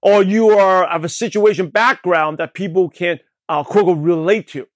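A man from Brooklyn, New York, hosting a show and giving an energetic motivational talk on network marketing, with a slight lisp, often checking in with the listener. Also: high-pitched, moderate pace, dry recording. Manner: energetic, repetitive, asks the listener questions. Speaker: podcast host, network marketing coach.

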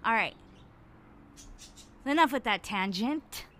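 A woman's voice: a little high, slow. Fired-up, profane young woman ranting. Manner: animated, swears freely, gets worked up. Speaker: podcaster. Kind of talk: casual monologue.

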